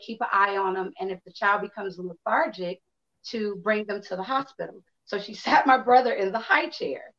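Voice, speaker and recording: A woman in her fifties, from Chicago, tells her own story with frank, lively delivery. She acts out what people said and swears freely. Her pitch sits in an ordinary middle range, and the recording sounds a little dull and lo-fi. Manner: candid, animated storytelling with acted-out quotes and swearing. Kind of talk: personal storytelling to an audience.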